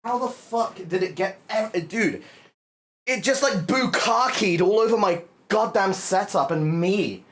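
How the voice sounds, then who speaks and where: A man's voice: high-pitched, measured pace, a bit bright, slight background noise. A male livestreamer chatting casually to his viewers, exasperated and swearing a lot as he cleans up.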